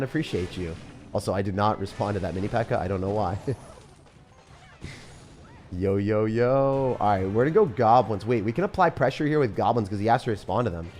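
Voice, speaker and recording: A young man commentating his own game on a live stream, fast and jokey, chatting to viewers as he plays. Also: fairly low pitch, darkish tone, faint music behind. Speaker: gaming streamer.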